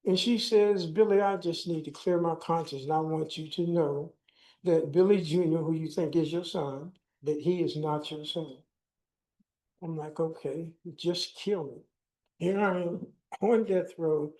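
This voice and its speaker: Older male speaker, warm dark tone, testimony-style storytelling with dialogue. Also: fairly high pitch, rough recording. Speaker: keynote speaker. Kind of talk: personal testimony speech.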